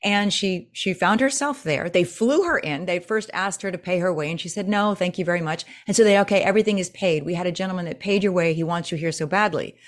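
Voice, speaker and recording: A woman coach talking in a casual interview, telling stories with lively swings in her voice. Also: quick pace, few pauses. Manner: animated storyteller, acts out quotes with big pitch jumps. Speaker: presentation coach, guest.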